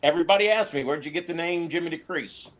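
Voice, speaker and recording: Man telling prison stories, animated. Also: on the high side, quick pace, poor audio. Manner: animated storyteller, quotes others in voice. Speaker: interview guest, former prisoner. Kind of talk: storytelling in a casual interview.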